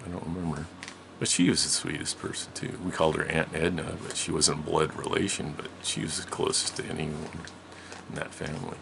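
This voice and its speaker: Male storyteller, very low gravelly voice, casual and rambling with many self-corrections. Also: flat delivery, a little fast, noisy background.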